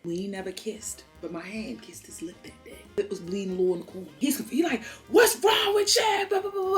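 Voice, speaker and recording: Young woman telling a storytime, super lively swooping voice, cusses a lot. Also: mid-range voice. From Baltimore. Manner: animated, dramatic storytelling with swearing. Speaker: storytime vlogger. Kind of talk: casual storytime.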